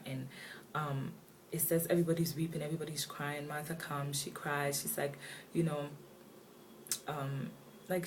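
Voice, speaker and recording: Low, gravelly woman in a casual devotional talk. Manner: chatty and slangy, retells scripture in everyday words. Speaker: Bible devotional speaker. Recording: distant mic with faint background noise.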